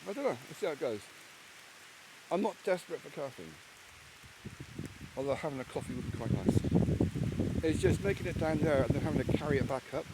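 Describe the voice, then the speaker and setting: On the high side and fairly quick, with lively intonation and long pauses, an English solo camper rambles bluntly about his camp, swearing freely. It's a casual vlog shot outdoors in rainy woodland. Loud rain and heavy background noise fill the recording.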